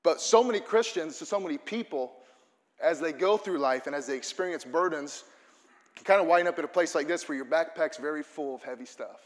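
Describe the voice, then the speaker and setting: A man's voice: a little high, brisk, in a large hall. A man preaching a sermon to his congregation, earnest and building to fervent emphasis. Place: church auditorium.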